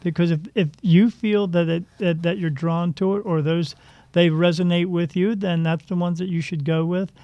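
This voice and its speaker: A man with a slightly high, gravelly voice hosts a spiritual podcast in loose, jokey chat. He rambles and leans on filler words. The recording is dry and a bit dull, as if through a lo-fi mic. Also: fairly even intonation, moderate pace, dry recording. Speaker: podcast host. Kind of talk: casual chat. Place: Delaware.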